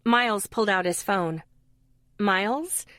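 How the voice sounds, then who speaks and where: A woman reading a fantasy audiobook as a first-person narrator in an even, storytelling manner. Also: medium pitch, normal speed, no echo, studio quality.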